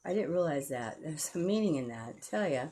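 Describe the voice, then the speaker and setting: A woman's voice: low-pitched, expressive, fairly quick, dark tone. A woman telling a rambling personal story to camera, blunt and profane, heated as she goes.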